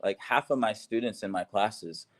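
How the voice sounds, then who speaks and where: A man talking in a casual, upbeat way and laughing easily in a relaxed chat. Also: fairly low pitch, normal speed. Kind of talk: casual video call chat.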